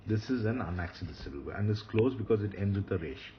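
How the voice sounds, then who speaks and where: Expressive and fairly low-pitched, a man patiently teaches Hebrew grammar in a lecture recording, going back over main points and pausing with fillers. The audio is lo-fi with slight background noise.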